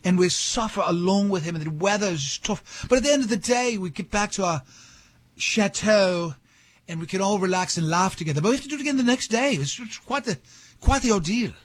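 A high-pitched man hosting a radio show, bantering with his co-hosts in a joking, rambling way that drifts into mock-grand asides. The sound is dry and close on a studio mic. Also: animated, brisk, no room sound.

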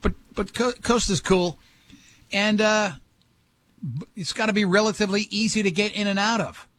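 A man's voice: high-pitched, moderate pace, a bit bright. A middle-aged man hosting a talk show, telling rambling, joking stories in casual chat. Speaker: radio show host.

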